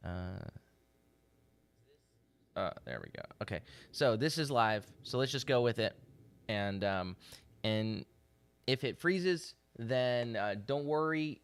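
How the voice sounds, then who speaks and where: A man, a rabbi, giving a livestreamed daily Bible teaching, halting with fillers and then pressing hard on the scripture. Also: mid-range voice, clean tone, no room sound. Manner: halting with many fillers, rising to forceful emphasis on scripture. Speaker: rabbi leading a daily devotional.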